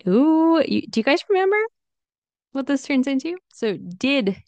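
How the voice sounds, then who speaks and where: A woman teaching English pronunciation in an online lesson, speaking slowly and saying each example phrase over and over. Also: sits high, big pitch swings, gravelly, dry recording. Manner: slow, demonstrative, repeats example phrases.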